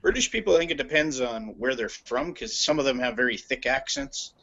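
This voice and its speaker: Canadian guy on a podcast call, jokey, husky voice, muffled audio. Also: medium pitch, lively intonation, fairly quick, pushed and bright. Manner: joking, chiming in. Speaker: guest on call. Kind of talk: casual podcast chat.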